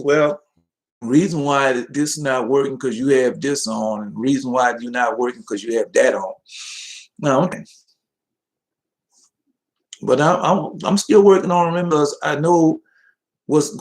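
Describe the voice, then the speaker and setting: A man's voice: medium pitch, rough recording. A man preaching in a rambling, folksy way, talking straight to his listeners and reading scripture between tangents. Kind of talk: informal livestream preaching.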